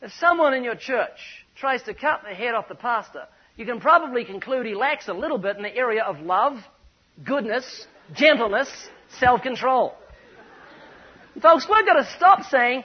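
A man's voice: very high-pitched, animated, normal speed, husky. A man with a New Zealand accent preaching a sermon, telling stories with emphatic, punchy repetition. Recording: dull muffled recording.

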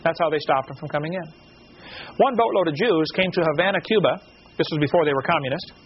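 A man giving an animated lecture to a live audience, asking the room rhetorical questions. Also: sits high, quick pace. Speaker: creationist lecturer. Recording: dull lo-fi recording with faint noise.

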